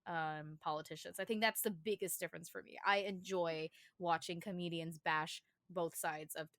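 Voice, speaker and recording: Young woman cohost, bright voice, giggly, dry close sound. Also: on the low side, steady tone, normal speed, no echo. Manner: giggly, laughs often, mimics chirpy newsreaders. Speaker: podcast co-host. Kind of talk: casual chat.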